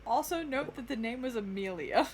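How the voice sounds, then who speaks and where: A woman narrating as game master of a tabletop game, unhurried and often laughing. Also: fairly high pitch, expressive.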